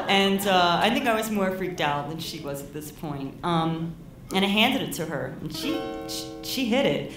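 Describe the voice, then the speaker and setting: A woman's voice: mid-range voice, sing-song, takes it slowly, pauses often, loud music behind the voice. A woman telling a personal story live on stage, in a casual, rambling way full of "like" and "you know". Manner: casual, rambling, heavy use of "like". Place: live storytelling event in a venue. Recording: roomy live hall, mic heard from a distance.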